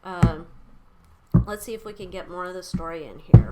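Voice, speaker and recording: A woman's voice: fairly low pitch, expressive, normal speed, very noisy. A young woman giving a casual tarot reading, chatty and blunt, swearing freely and using lots of fillers. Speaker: tarot reader.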